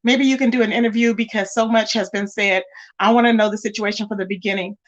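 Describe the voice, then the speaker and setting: A woman's voice: mid-range voice, steady tone, quick pace, dull audio. A woman hosting a casual livestream, greeting viewers by name and reading their comments aloud in an emphatic, repetitive way. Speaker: livestream host.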